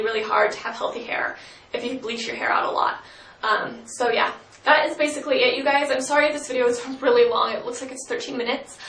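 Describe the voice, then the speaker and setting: A woman's voice: fairly high pitch, creaky, pushed and bright. Chatty young woman in a roomy space. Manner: chatty, full of "um" and "like". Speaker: beauty vlogger. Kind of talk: casual hair-care tips to camera. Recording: roomy sound from a distant mic.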